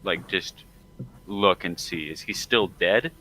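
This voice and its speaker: A man's voice: low voice, bright, forceful tone, a little hiss or hum, low-quality recording. A man playing a tabletop game who stumbles and repeats himself as he speaks. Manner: halting, stumbles over words. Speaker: player. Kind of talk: tabletop role-play chat.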